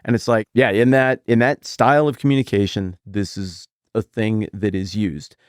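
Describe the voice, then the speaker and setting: A middle-aged man hosting a Bible podcast, teaching in a casual, animated way with jokey asides and sudden high jumps when he quotes people. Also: moderate pace, no echo, studio quality. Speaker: podcast host.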